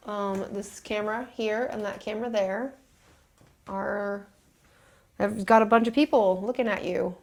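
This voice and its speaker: A woman hosting a live stream, chatting casually indoors and quickly thanking viewers. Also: mid-range voice, steady tone. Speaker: livestream host. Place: indoors in an old house.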